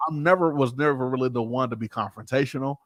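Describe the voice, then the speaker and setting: A man and pastor telling a personal story casually, animated and informal, acting out the people he quotes. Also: medium pitch, fast, dry recording, studio quality.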